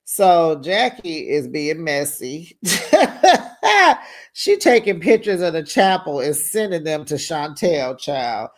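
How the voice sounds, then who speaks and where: Reality show recap host, casual gossip chat, sassy, chatty, laughs a lot, mid pitch. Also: lively intonation, a little slow, few pauses. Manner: sassy, chatty, laughs often, talks to viewers directly.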